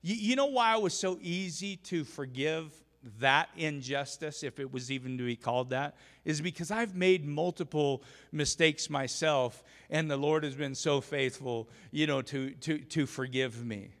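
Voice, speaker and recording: A man's voice: a little high, normal speed, hardly any pauses, a bit bright, long reverb tail. A male pastor delivering an emphatic, storytelling sermon full of restarts, recorded in a church. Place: church sanctuary.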